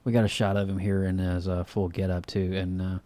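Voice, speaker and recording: A man's voice: low-pitched, fairly quick. A man co-hosting a podcast, chatting casually about a film, loose and full of fillers. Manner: relaxed, filler-heavy, says "man" often. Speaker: podcast co-host. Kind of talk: casual review chat.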